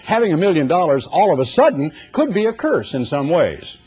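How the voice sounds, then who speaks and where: Husky older man preaching folksy sermon. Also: a little high, very animated, a little fast, a little mellow. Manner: folksy storytelling with humorous asides. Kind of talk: sermon with anecdotes.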